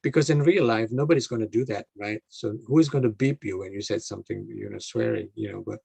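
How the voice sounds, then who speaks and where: Gravelly, husky-voiced man, hesitant talker. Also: lowish voice, quick pace, dark tone, dry recording. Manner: hesitant, many fillers and restarts. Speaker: guest speaker. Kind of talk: online talk to a club.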